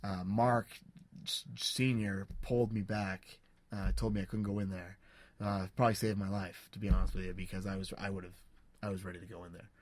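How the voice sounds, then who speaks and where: Young male podcast co-host, low and flat delivery, earnest halting storytelling, dry close sound. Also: no room sound. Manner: halting, many restarts and fillers, earnest. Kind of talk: casual storytelling.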